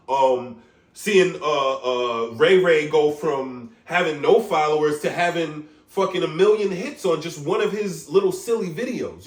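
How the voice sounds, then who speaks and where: A young New York man who talks in an animated, swearing rush, forever checking "you get what I'm saying". His voice sits a little high for a man. It is recorded on a phone set back in a small echoey room. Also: distant mic. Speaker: barber vlogger. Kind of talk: casual vlog rant.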